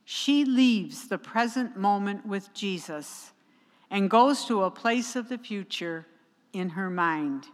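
A woman preaching a sermon in a church, slow and emphatic, with measured pauses. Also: medium pitch, lively intonation. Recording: long church reverb.

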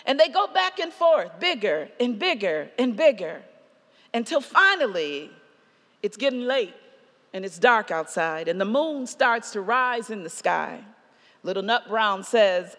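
A woman's voice: fairly high pitch, expressive. Woman preaching in a reverberant hall. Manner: measured, slows for emphasis, drops soft on key lines. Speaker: pastor. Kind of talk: sermon.

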